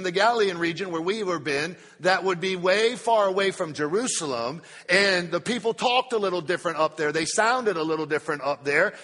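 High-voiced preacher in a reverberant hall. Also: male voice, sharp tone. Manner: preacherly, stretches key words slowly. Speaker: pastor. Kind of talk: sermon at a Bible study.

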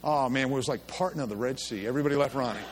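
Talking very fast at a medium pitch, this middle-aged preacher tells stories during a church service sermon, chuckling along in a homespun, folksy style.

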